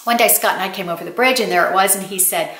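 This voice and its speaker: A woman's voice: medium pitch, quick pace, fairly bright tone. An older woman, telling stories to her viewers in a chatty, casual way. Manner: chatty storytelling, addresses viewers as y'all. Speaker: lifestyle vlogger. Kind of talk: casual chat. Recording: roomy echo.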